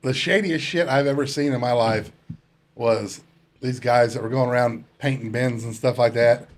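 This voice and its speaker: A man who is a guest on a casual podcast chat, telling stories in a relaxed, plain-spoken way. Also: mid-range voice, moderate pace, a little hiss or hum.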